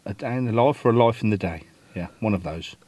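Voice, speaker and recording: A man co-hosting a travel vlog, bantering easily and tossing in quick agreeing replies. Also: fairly low pitch, darkish tone. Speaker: vlogger, channel co-host. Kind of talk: casual chat to camera.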